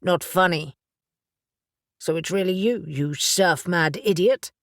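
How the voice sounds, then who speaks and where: A gruff winged male warrior angel from a storybook, as a woman narrator puts him on. He talks slowly and bluntly, full of suspicion. The recording is dry and close. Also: on the low side, dry recording. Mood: suspicious.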